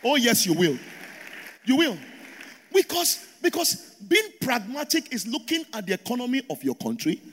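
A man's voice: very high-pitched, huge pitch swings, moderate pace, a bit bright, slightly rough. A Nigerian man preaching a sermon to a congregation in a church auditorium, drawing call-and-response from the crowd. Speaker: pastor. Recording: long hall reverb.

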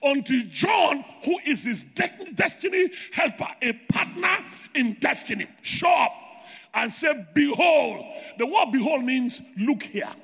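A man preaching a sermon with loud shouted declarations and rhythmic repetition, recorded in a large reverberant hall. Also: very high voice, lively intonation, measured pace.

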